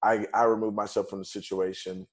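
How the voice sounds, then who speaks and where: A man with a fairly low-pitched voice recounts a personal experience as a podcast guest. He speaks casually and conversationally, moving through the events in quick steps. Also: little pitch movement. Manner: conversational, retells events in quick steps with "bam" and "fast forward".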